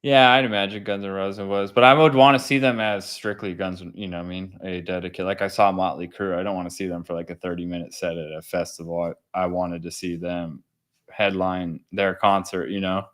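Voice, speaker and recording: A man's voice: low-pitched, little pitch movement, a little fast, a bit bright. A man co-hosting a casual podcast chat, laid-back and rambling with lots of slang. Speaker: co-host.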